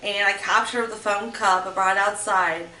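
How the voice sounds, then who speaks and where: Rambling woman telling stories, bright voice. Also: mid-range voice, fairly even intonation, normal speed. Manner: rambling, meandering storytelling with restarts. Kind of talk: personal storytelling vlog. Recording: roomy echo, mic at a distance, faint background noise.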